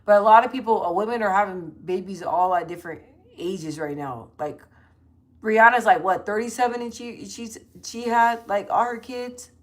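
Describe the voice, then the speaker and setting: A woman in her thirties chatting loosely to her livestream viewers on her phone, slangy and full of quick asides. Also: mid-range voice. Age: 30s. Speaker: livestream host. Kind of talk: casual livestream chat reading comments.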